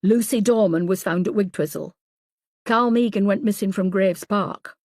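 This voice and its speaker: A woman's voice: mid-range voice, normal speed, a little mellow, no echo, close to an everyday voice. A woman narrating a level-headed male detective in an audiobook who lays out the facts plainly. The sound is dry and close. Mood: steady. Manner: matter-of-fact.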